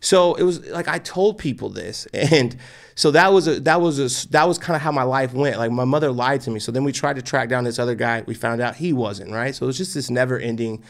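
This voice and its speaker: A man in his forties from Texas with a gravelly, creaky voice, speaking at a middle pitch. He tells his life story in an interview with blunt intensity and keeps checking in with "right?". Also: a little fast. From Texas, near Austin. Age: 40s. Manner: intense, emphatic, repeats "right?". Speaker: guest entrepreneur.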